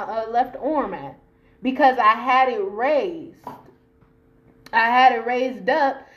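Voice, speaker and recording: Emphatic higher-voiced woman telling a storytime. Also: dull audio. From Long Beach, California. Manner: emphatic, profane, talks straight to listeners. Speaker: podcast host telling a personal story. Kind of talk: casual storytime to camera. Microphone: camera mic while filming herself.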